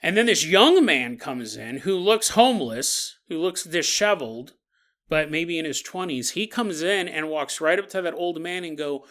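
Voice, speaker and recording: A man in his forties with a high voice hosts a podcast and tells a story at an easy, chatty pace. He rambles, corrects himself and chuckles along the way. His tone is bright and forward. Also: expressive, moderate pace. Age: 40s. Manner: rambling, self-correcting, chuckles through stories. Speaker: podcast host.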